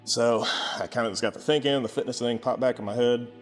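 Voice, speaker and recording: A man, telling a casual story about starting his gym, sarcastic and lively when he quotes people. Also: medium pitch, fast talker, soft background music. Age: 20s. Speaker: gym owner vlogger.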